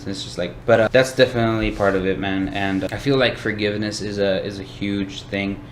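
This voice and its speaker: Low-voiced man in an echoey room. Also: brisk, few pauses. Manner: relaxed, rambling, says "bro" and "like". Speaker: podcast host. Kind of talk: casual Christian discussion. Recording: echoey room with faint hiss.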